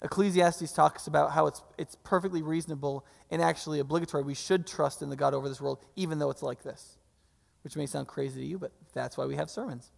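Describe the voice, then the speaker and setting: A male pastor preaches in a church, talking conversationally and tossing in rhetorical questions. His voice sits a little high with a gravelly edge, and long reverb trails off the hall walls. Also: fairly even intonation, fast. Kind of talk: sermon. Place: church sanctuary.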